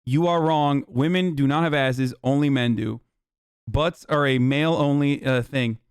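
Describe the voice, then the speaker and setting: A man's voice: medium pitch, a little slow, clear, resonant tone, dry recording, clean studio sound. A man in his thirties streaming live, reading his chat aloud and answering it with sarcastic, profane mock outrage.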